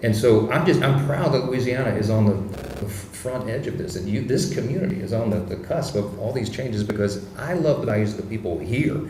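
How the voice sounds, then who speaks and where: Animated man telling political anecdotes. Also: medium pitch, fairly quick, reverberant, slight background noise. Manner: animated anecdote-teller who speeds up and laughs through stories. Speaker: political leader as guest. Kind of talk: casual interview storytelling.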